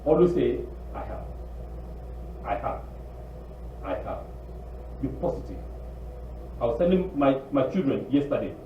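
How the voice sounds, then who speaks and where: A man preaching a sermon in an animated, pleading way, acting out quotes. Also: mid-range voice, unhurried, long pauses, recorded from a distance, slight background noise. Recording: tinny echoey room recording from afar.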